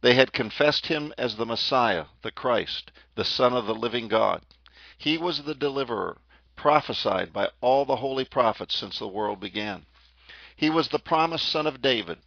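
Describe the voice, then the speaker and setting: Male preacher, gravelly voice, dry dull lo-fi recording, dramatic sermon storytelling. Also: medium pitch, no echo. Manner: dramatic storytelling, slows on key phrases. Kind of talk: sermon narration retelling scripture.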